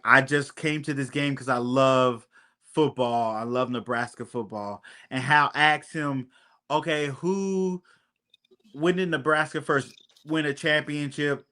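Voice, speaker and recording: A man's voice: medium pitch, sharp tone. A man on a podcast casually recapping a TV episode, acting out the characters' lines as he retells them, with frequent ums. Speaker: podcast co-host.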